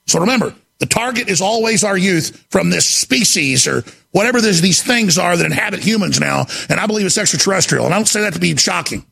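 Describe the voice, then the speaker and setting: A man hosting a talk radio show, delivering a frantic, desperate monologue that often breaks into shouting. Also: sits high, expressive, a little fast, gravelly, few pauses, husky. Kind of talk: impassioned on-air monologue.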